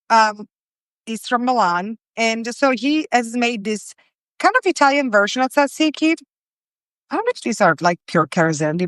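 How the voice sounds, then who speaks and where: A fairly high-pitched woman's voice, clear and resonant on a dry recording, belongs to the forty-something host of a live cooking stream. She chats casually as she cooks, warmly greeting viewers by name and frequently starting over.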